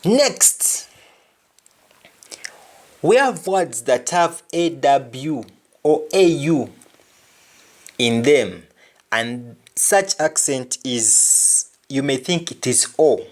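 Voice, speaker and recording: A man teaching a pronunciation lesson, speaking deliberately and repeating each word to demonstrate how it sounds. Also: mid-range voice, animated. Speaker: language teacher.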